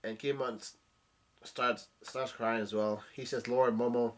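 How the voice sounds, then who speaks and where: Bright-voiced man recapping a comic chapter. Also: mid-range voice, fairly even intonation. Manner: halting, with many fillers and restarts. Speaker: manga reader and recapper.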